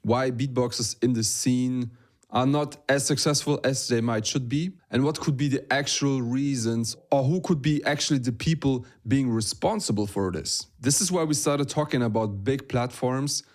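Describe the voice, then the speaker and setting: A young man co-hosts a podcast in a relaxed, chatty manner. His voice sits at an ordinary middle pitch, and he often restarts his sentences as he goes. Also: normal speed. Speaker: podcast co-host. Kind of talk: casual podcast chat.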